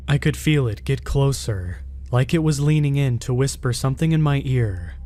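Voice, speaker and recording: A man reading a scripted first-person horror story in a steady, measured way. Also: mid-range voice.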